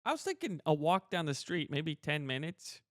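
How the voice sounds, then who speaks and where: A man's voice: a little high, sing-song, dry recording, studio quality. A young man co-hosting a comedy podcast, teasing his co-host in casual chat. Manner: teasing, quick to laugh.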